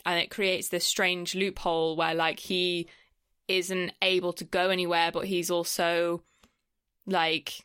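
A chatty woman co-hosting a podcast, talking loosely and swearing now and then. Her voice sits a little low for a woman. The sound is dry and close. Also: flat delivery, a bit bright, clear, resonant tone, no room sound. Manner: chatty, swears casually, quick asides. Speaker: podcast co-host. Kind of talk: casual film review chat.

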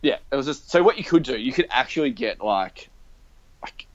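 A man's voice: medium pitch, lively intonation, fairly quick. A young man, chatting casually as a podcast co-host and telling a rambling story, acting out the lines he quotes. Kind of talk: casual chat. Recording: dull, lo-fi, dry.

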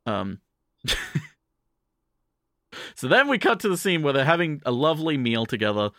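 A man casually recapping an anime plot for a podcast, jumping into quick character voices as he goes. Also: on the high side, no echo, studio quality. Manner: animated, acts out characters' lines in quick voices.

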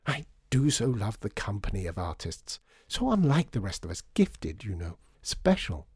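A man's voice: fairly low pitch, very animated, moderate pace, slightly rough, no room sound, clean studio sound, exaggerated voice. A man reading a story, voicing an affected society lady in a fur coat who gushes. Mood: gushing. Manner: gushing, affected.

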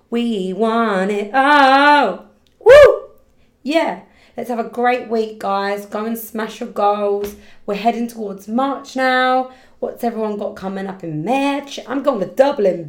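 A woman hosting a casual solo podcast, chatty and rambling, quick to laugh and loud when excited. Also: fairly high pitch. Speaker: podcast host and hairdresser. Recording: roomy echo around the voice.

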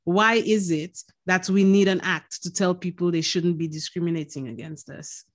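Animated woman ranting on a podcast. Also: lowish voice, moderate pace. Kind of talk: casual podcast chat.

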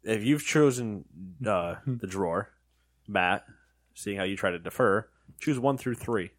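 Laid-back joking man host, low voice. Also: animated, a little slow. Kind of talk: casual chat tasting snacks.

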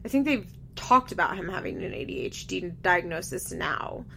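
A woman's voice: lowish voice, big pitch swings, moderate pace, vocal fry, pushed and bright, a little hiss or hum. A young woman chatting casually as she recaps a reality show, candid, laughing often and swearing freely. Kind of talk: casual chat.

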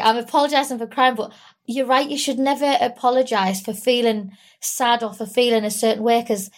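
A young woman talking candidly and tearfully in an interview, rambling and full of fillers. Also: fairly high pitch. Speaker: guest. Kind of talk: emotional personal interview.

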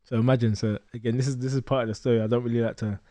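Fast-talking young man telling a story. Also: mid-range voice, no room sound. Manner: animated storyteller acting out quoted voices. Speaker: guest boxer. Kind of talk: storytelling in a podcast interview.

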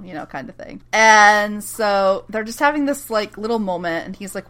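A woman's voice: mid-range voice, normal speed, few pauses, a bit bright. A woman co-hosting a podcast, recapping a TV episode in casual chat, laughing often and swearing freely.

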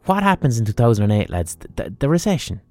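A man's voice: mid-range voice, big pitch swings, fast, a little mellow, dry recording. An Irish man hosting a podcast, giving a mock-serious comic rant full of swearing. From Ireland. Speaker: podcast host.

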